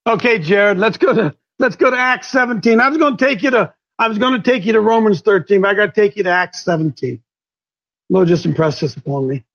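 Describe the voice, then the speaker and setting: A male host of a religious talk show delivers preachy rhetorical questions in a high voice. He often restarts mid-sentence, and the audio is dull and lo-fi. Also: brisk, fairly bright tone. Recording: dull lo-fi sound.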